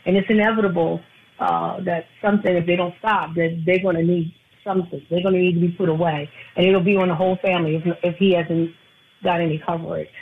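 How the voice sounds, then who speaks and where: A woman's voice: on the low side, steady tone, fast talker. A woman, an insurance agent calling in as a guest, speaking earnestly and repeating herself. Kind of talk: casual radio talk. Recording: tinny phone line.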